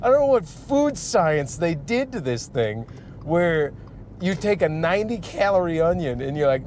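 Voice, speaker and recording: A man's voice: sing-song, moderate pace, a little mellow. A man from Michigan, a stand-up comic hosting his podcast, rambling casually and profanely with frequent laughs while driving. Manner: profane, laughs often, restarts and trails off. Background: faint vehicle rumble.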